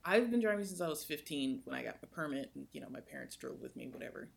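Young woman, podcast co-host, gravelly fry, lively storyteller. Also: quick pace. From United States. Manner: animated, swings in pitch while telling a story. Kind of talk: casual storytelling chat.

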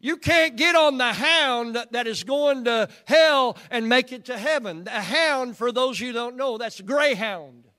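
Folksy Oklahoman preacher, high voice. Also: measured pace, hardly any pauses, sharp tone. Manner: folksy, asks the congregation questions. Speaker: pastor. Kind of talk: sermon. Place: church.

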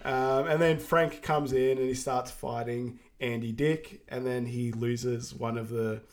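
A man co-hosting a podcast, chatting in a relaxed way with many fillers as he recaps a film. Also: mid-range voice, unhurried. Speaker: podcast co-host. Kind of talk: casual chat recapping a film.

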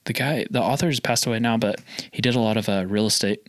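A man telling a story in casual chat, acting out the calls with sudden jumps in pitch. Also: quick pace, no echo. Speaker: guest telling a sales story.

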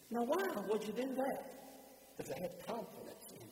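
A man preaching a sermon, swinging from impassioned shouts to soft, hushed emphasis. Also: extremely high pitch, lively intonation, normal speed, slight background noise. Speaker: pastor. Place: church sanctuary. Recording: roomy church hall reverb.

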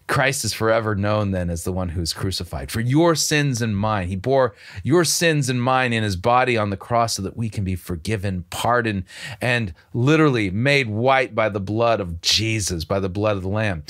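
A man's voice: on the low side, normal speed, a bit bright. A man hosting a commentary show, picking apart a sermon clip with sarcastic, incredulous remarks and frequent restarts. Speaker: host.

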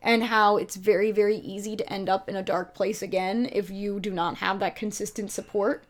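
A woman co-hosting a casual TV recap podcast, animated and filler-heavy, acting out quotes from the show. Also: medium pitch, normal speed. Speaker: podcast co-host. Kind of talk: casual chat.

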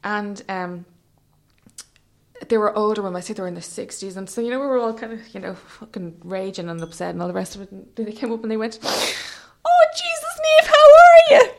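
An Irish woman in casual chat, telling an animated story and acting out voices with big jumps in pitch. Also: fast.

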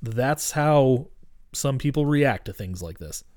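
A man co-hosting a podcast, recapping a movie in casual, profane, animated chat. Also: mid-range voice, takes it slowly, no echo. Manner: profane, animated retelling of scenes. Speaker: podcast co-host.

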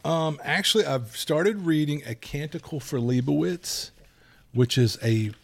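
A man's voice: a little high, unhurried, creaky. A middle-aged man co-hosting a casual podcast, telling rambling stories and acting out the quoted dialogue. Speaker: podcast co-host.

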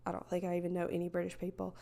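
A woman's voice: fairly low pitch, completely flat delivery, rapid-fire, vocal fry, warm tone. A woman hosting a casual solo podcast, talking in a hesitant, rambling way full of fillers, candid and reflective. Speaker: podcast host.

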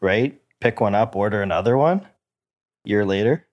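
A man's voice: fairly low pitch, lively intonation, moderate pace, muffled recording. A man hosting a casual podcast chat, speaking conversationally and often checking in with his guest. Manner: conversational, ends points with "right?".

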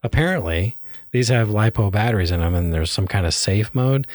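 A man's voice: fairly low pitch, lively intonation, brisk, darkish tone, no room sound, studio quality. A man co-hosting a hobby podcast, chatting casually and explaining things with many fillers and restarts. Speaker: podcast co-host.

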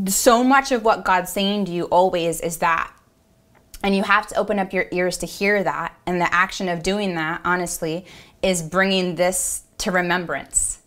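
A woman's voice: on the low side, fairly even intonation, moderate pace, a bit bright. Earnest woman preaching encouragement. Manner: earnest and encouraging, repeats affirmations; conversational, with many fillers. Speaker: apostle. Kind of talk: devotional podcast teaching.

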